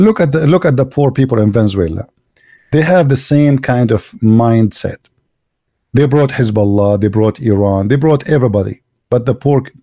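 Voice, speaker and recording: A man's voice: medium pitch, vocal fry, dark tone, slightly rough, no room sound, studio quality. A man from the Arab world with an Arabic accent, hosting an online show and delivering a blunt, emphatic, mocking monologue. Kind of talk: opinionated monologue.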